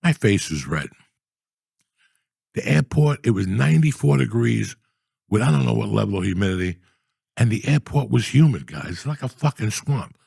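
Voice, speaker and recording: A man in his sixties telling profane, animated stories in a casual comedic chat, often ranting in mock outrage. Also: fairly low pitch, normal speed, gravelly, pauses often, slightly rough, no echo, clean studio sound. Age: 60s. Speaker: podcast guest storyteller.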